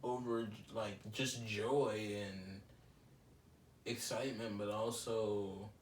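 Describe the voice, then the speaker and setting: A young man hosts a casual solo podcast in a low voice, rambling and reflective and leaning on fillers. He sits a bit back from the mic in a roomy space, with faint ambient noise underneath. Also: fairly even intonation, slow pace, recorded from a distance. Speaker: podcast host.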